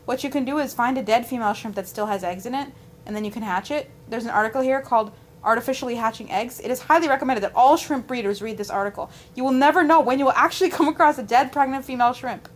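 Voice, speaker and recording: A woman's voice: a little high, fast talker. A woman co-hosting a podcast in casual chat, blunt and dismissive, often reading aloud from articles. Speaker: podcast co-host.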